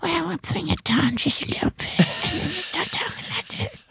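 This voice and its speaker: A man voicing his pet dog as a cute, doting baby son, in squeaky baby talk that turns whispery at times. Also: wildly swooping pitch, measured pace, vocal fry, bright, forceful tone, dry recording, exaggerated voice. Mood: gushing. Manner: gushing, sweet, whispery at times.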